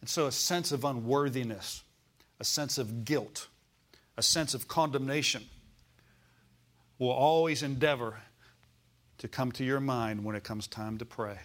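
A man preaching a sermon to his congregation in an easy, folksy way. His voice sits in a middle pitch, and he asks for amens and has the room repeat lines back to him. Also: a little slow, pauses often, a bit bright. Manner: preaching with call-and-response, folksy phrasing. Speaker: pastor.

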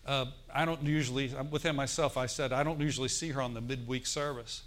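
Middle-aged guy preaching in church, tells stories, gets loud and emphatic now and then, medium pitch. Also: fairly even intonation, brisk, hardly any pauses. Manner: storytelling preacher, emphatic with bursts of loud exclamation. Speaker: pastor. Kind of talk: sermon.

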